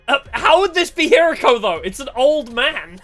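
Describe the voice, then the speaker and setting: A man's voice: very high voice, big pitch swings, measured pace, pushed and bright, faint music behind. A man streaming a story game, joking, laughing often and reading the narration aloud. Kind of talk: casual game stream commentary.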